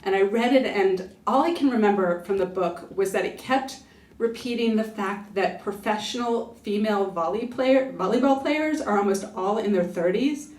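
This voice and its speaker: A woman's voice: medium pitch, moderate pace, a little mellow. Woman in her forties, wry book talk, echoey room, heard from a distance. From United States. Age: 40s. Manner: chatty, self-deprecating, laughs often. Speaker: author giving a book talk. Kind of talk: public talk to a live audience. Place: library event room.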